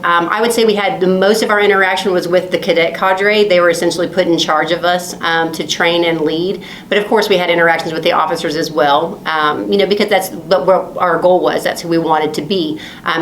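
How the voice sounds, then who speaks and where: A woman in her forties, an Air Force officer, reflecting on her training in a measured way with many fillers. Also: lowish voice, steady tone, a little hiss or hum. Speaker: Air Force officer, former ROTC cadet. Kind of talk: recorded oral history interview. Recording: roomy recording.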